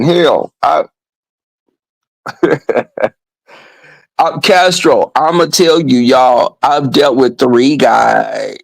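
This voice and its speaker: Brash gravelly man telling crude stories. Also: mid-range voice, no echo, poor audio. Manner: flamboyant, brash, swearing freely. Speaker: vlogger. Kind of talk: crude comedic storytelling to viewers.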